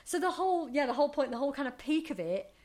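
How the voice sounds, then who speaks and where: A woman co-hosting a podcast, chatting casually and acting out quotes in animated high voices. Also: rapid-fire. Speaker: podcast co-host. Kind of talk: casual chat.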